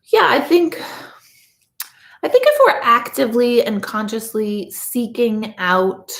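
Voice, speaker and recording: A medium hosts a casual livestream, her fairly high voice moving slowly through a reverberant space. She rambles through stories and reads viewer comments, chatty and full of lively asides.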